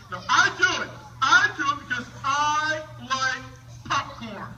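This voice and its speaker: High-voiced playful showman in an echoey hall. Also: lively intonation, slow pace, bright, forceful tone, far from the mic, a little hiss or hum. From northern United States. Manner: playful, teasing, jokey showman. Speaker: school assembly presenter. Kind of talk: comedic science show for children. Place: school auditorium with a live audience.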